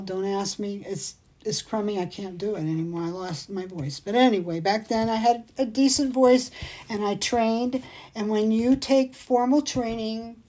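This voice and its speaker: A woman's voice: medium pitch, warm tone. A woman hosting a casual livestream, chatting in a rambling, digressive way and reading out viewer comments. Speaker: jewelry shop livestream host.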